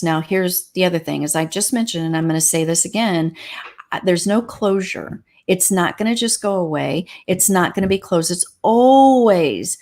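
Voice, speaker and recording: A woman's voice: lowish voice, normal speed, a little mellow. A woman grief counselor on a talk show, teaching in a repetitive, emphatic way. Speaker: pet loss grief counselor. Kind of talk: livestream talk show chat.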